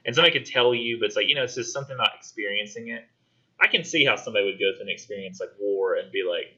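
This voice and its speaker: A man teaching a college English class, talking casually and acting out characters in quick voices. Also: on the low side, sharp tone, highs cut off. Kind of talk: classroom discussion lecture.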